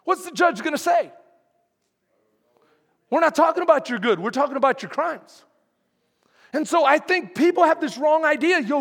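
A pastor preaching with a strikingly high-pitched male voice. He drives his points home emphatically and keeps calling out to the congregation. The sound rings with a long reverb, as in a church sanctuary. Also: fairly bright tone. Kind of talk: sermon.

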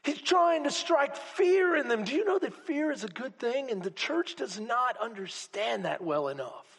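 A man preaching a sermon as pastor to a congregation, swinging between loud exclamations and hushed asides. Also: extremely high pitch, animated, normal speed, creaky, slightly rough. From Texas. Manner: preaching with rising shouts and sudden quiet drops. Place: church sanctuary. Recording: long hall reverb.

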